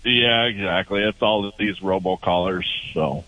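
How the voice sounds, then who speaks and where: A man's voice: low voice, unhurried, no echo. A man calling in to a radio show, casually telling the host about a strange phone call he got. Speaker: caller. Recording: muffled phone line.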